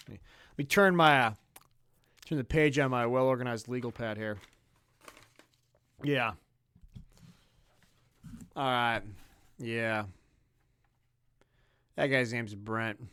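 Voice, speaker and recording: A man telling a comedic story on a podcast, profane and animated, with sudden loud bursts. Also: mid-range voice, unhurried, long pauses, clean tone, no echo, clean studio sound. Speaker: podcast co-host.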